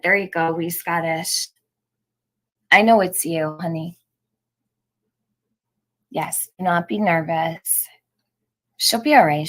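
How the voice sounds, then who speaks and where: A woman's voice: on the low side, fairly bright tone. A woman hosting a live stream, chatting casually with viewers and reading out their comments, laughing often.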